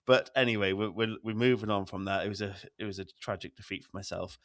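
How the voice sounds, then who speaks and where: A man's voice: fairly low pitch, fairly even intonation, fast, a bit bright, no room sound, clean studio sound. Giggly British man cohosting a podcast. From Great Britain. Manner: giggly, self-deprecating, laughs often. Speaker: podcast co-host. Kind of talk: casual chat.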